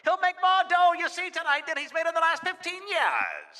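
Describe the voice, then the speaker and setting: A man voicing a 1930s boxing radio announcer with booming, breathless ringside patter. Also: wildly swooping pitch, fairly quick, pushed and bright, full character voice. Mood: excited.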